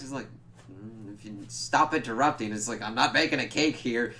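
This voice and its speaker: A man's voice: mid-range voice, normal speed. A man giving a casual spoken recap of a TV episode, swearing freely, acting out lines, and tripping over his words. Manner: animated, profane retelling with quoted lines; stumbles over words and laughs at himself. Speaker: TV reviewer.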